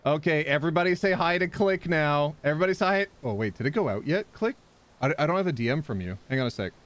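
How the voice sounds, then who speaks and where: A man's voice: a little high, quick pace. Guy streaming a rage game, voice jumps all over, yelps and laughs, talks to chat. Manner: animated, yelps and laughs while playing, chats with viewers.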